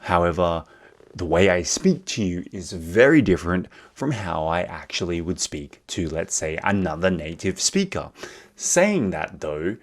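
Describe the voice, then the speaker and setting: A man with an Australian accent leads a bilingual English lesson, keeping his words slow and clear. His voice sits on the low side but moves up and down with lively intonation. He often stops to repeat things in Korean translation. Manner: explains slowly and clearly, switching into Korean. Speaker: English teacher.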